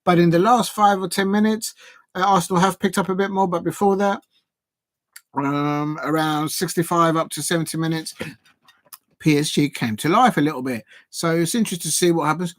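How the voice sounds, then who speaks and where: A man hosting a live football watch-along on his channel, chatty and excitable and jumping to shouts at big chances. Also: fairly high pitch, no room sound.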